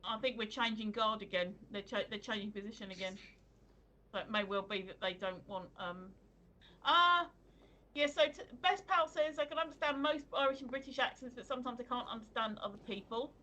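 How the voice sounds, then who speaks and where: A woman's voice: on the high side, a little fast, bright, forceful tone, poor audio. A woman co-hosting a live stream, talking in a chatty, rambling way full of fillers and restarts. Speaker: co-host of a live stream show. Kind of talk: casual live-stream chat. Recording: faint background noise.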